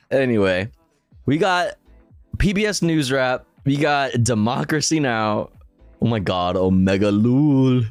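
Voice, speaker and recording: A man's voice: medium pitch, animated, slow pace, no room sound, soft background music. A man streaming live, reacting to donations with profane jokes and frequent laughter. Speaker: livestreamer. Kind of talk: casual stream commentary.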